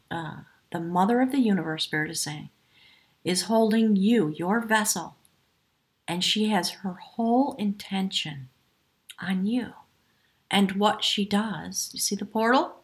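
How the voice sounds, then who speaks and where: A woman with a medium-pitched voice gives a spiritual tarot reading to camera. She's effusive and emotional, often dropping into a hushed whisper.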